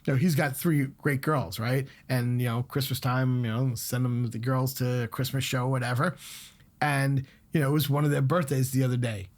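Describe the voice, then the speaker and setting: A middle-aged man, a guest chef, talking bluntly and telling animated stories in a casual podcast chat. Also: medium pitch, moderate pace. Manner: blunt, animated storytelling with swearing.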